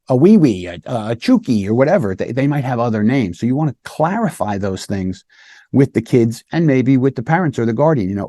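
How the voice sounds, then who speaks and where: A man's voice: mid-range voice, dark tone, no room sound, clean studio sound. A man who is a police lieutenant, teaching interview skills in a casual, conversational way and often checking in with "right?". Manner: conversational, keeps asking "right?" to the listener; acts out short quoted lines of officers and children. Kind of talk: casual instructional talk.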